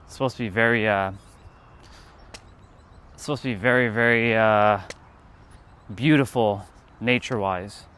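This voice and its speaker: A man's voice: fairly low pitch, unhurried, pauses often, a bit bright, clean tone. A man with a Canadian accent hosting a livestream outdoors on his phone, rambling and thinking aloud as he walks down a city street. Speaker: livestream host. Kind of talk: walking livestream chat.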